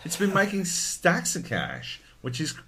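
A man's voice: a little high, huge pitch swings, measured pace, a bit bright, a little hiss or hum. A man co-hosting a podcast, chatting casually and animatedly, swearing and laughing as he rants. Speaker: podcast co-host. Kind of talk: casual chat.

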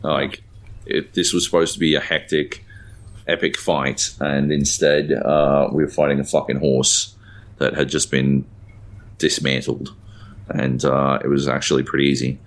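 On a podcast, a male co-host with an extremely deep voice chats casually, speaking a little slowly with little pitch movement. His stories ramble along, full of fillers and casual swearing.

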